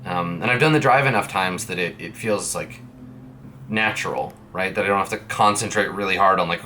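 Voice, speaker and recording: In this casual vlog, a young Canadian guy rambles on about things that happened in a friend's streaming room, playfully imitating people in the dialogue he quotes. He sounds deep, expressive, bright and forceful, speaking at a normal speed. A streaming setup mic captures him along with some slight background noise.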